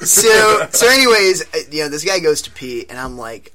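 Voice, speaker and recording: A man's voice: on the high side, fast talker, hardly any pauses, slight background noise. A young man telling a wild night-out story to friends, laughing often and acting out what people said. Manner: animated storyteller, swears, laughs often, acts out quotes. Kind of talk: casual storytelling among friends.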